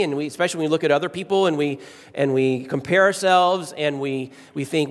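A middle-aged male pastor preaching in a church sanctuary, his fairly high voice trailing off into a long hall reverb. He leans on repeated phrases and swings between slow, stressed lines and quick asides. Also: fairly even intonation. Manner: emphatic, varies pace and volume, repeats key phrases. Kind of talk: sermon.

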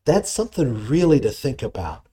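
A man's voice: medium pitch, big pitch swings, moderate pace, dark tone. A middle-aged male pastor preaching a sermon, reading scripture aloud and explaining it with conversational asides.

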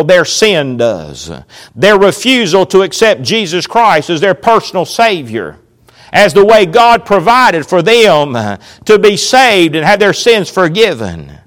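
A man preaching a sermon on scripture, slowing down on key phrases and sometimes dropping to a near whisper. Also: high-pitched, a bit bright. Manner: preaching with emphatic slowed lines and sudden drops to near whispers.

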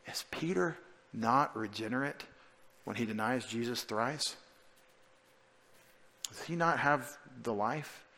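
A male pastor giving a conversational sermon, full of rhetorical questions and restarts, swinging between emphatic points and quiet asides. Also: fairly high pitch. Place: church.

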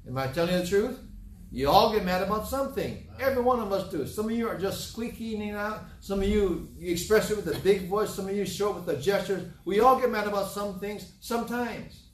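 Roomy folksy middle-aged preacher. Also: male voice, sits high, a little hiss or hum. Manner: folksy storytelling, repeats himself. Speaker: pastor. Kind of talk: sermon. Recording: roomy, from a distant mic, faint ambience.

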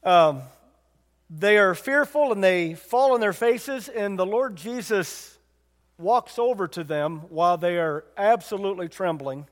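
A man's voice: high-pitched, in a large hall. A man preaching a sermon in a conversational way, retelling a Bible story and asking his listeners questions. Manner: conversational, asks the congregation questions.

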